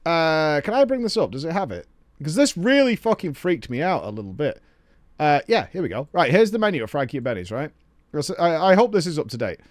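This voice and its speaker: A man in his thirties chatting and ranting on a stream, swearing freely in an animated way. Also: fairly high pitch, a little fast, dry recording, studio quality. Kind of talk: casual stream chat.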